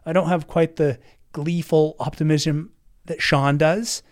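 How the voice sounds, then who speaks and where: Give me a man on a podcast, chatty and self-mocking, with a higher pitch, often laughing. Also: fairly even intonation, unhurried. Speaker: podcast guest. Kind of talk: casual chat.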